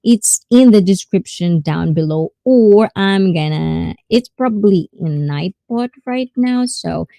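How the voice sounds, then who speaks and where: A woman's voice: mid-range voice, expressive, slow, vocal fry, hardly any pauses, mellow, no room sound. Bubbly woman livestreaming. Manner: bubbly, laughs often, switches between English and Tagalog. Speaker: livestream host. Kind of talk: casual livestream chat.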